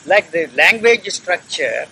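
A man's voice: high voice, lively intonation, takes it slowly, gravelly, sharp tone. A man speaking emphatically in an argumentative conversation, insisting and repeating his phrases. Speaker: speaker answering questions. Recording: noisy room recording.

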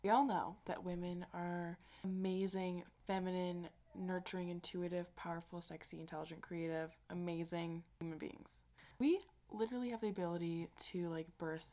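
A woman's voice: on the low side, fairly even intonation, normal speed, mellow. A young adult woman hosting her own podcast, talking in a casual, rambling way with lots of "like" and the odd swear word. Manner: chatty and rambling, heavy use of "like", casual swearing. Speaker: podcast host. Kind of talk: casual solo podcast chat.

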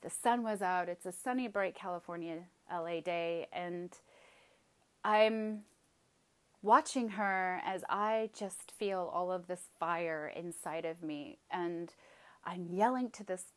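A woman's voice: on the low side, slow pace, clear, resonant tone. A woman telling a personal story with emphatic, vivid retelling, acting out her own outbursts.

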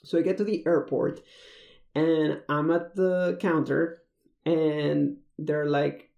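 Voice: medium pitch, flat delivery, takes it slowly, gravelly, warm tone. A speaker from Mexico, casually telling a personal travel story and rambling with many fillers and restarts. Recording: roomy echo.

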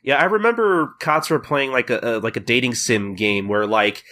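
A man hosting a podcast, retelling a manga chapter in casual chat and slipping into quick character voices. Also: medium pitch, pushed and bright. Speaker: podcast host.

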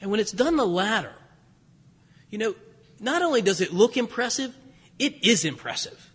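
A priest with a high voice delivers a homily. He tells stories in a loose, chatty way, stumbling over restarts as he goes. His voice carries a long reverb that fills the church. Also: big pitch swings, normal speed, fairly bright tone, slightly rough. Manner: conversational storytelling with frequent restarts.

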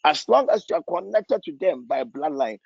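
A man leading a prophetic prayer session as pastor, pleading fervently and repeating phrases, rising to near shouts. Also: a little high, animated, normal speed, creaky, dry recording, lo-fi sound.

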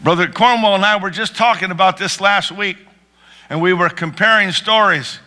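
A man's voice: high-pitched, normal speed, pushed and bright. A man preaching a sermon with rising fervor, calling out to his congregation and breaking into prayer. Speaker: pastor.

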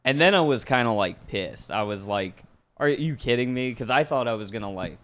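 A man's voice: fairly low pitch, expressive, fairly quick, a bit bright. A young man, a podcast guest, telling a rambling story in casual chat, laughing often and trailing off.

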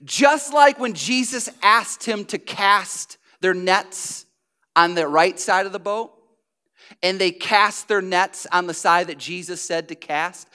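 A pastor delivers a sermon, telling stories in a lively, conversational style. His voice is high and clean.

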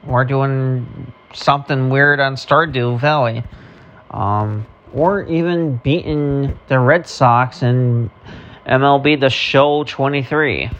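A man's voice: medium pitch, steady tone, takes it slowly, muffled recording. A man streaming and vlogging, talking casually to camera in a rambling, profane way with many filler ums.

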